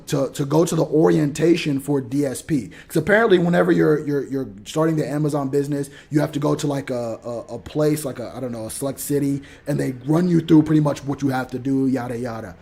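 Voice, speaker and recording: A man telling a story in an animated rant, acting out what people said and swinging between loud outbursts and mumbling asides. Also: on the high side, gravelly, breathy edge. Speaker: motivational podcaster.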